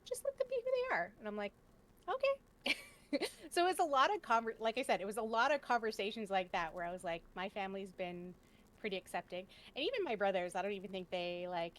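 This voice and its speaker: A woman's voice: mid-range voice, lively intonation, fast, a bit bright. A woman on a panel telling a family story casually, laughing often as she goes. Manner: chatty, laughs often, acts out quoted family lines.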